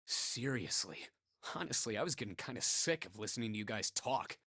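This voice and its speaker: A cold, tough man brushes everyone off with a curt, dismissive voice. It has a hard, tense edge and a raspy grain, as a woman acts him out. The sound is dry and close. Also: very deep voice, lively intonation, a little fast, a bit bright, no room sound, voice pushed down, exaggerated voice.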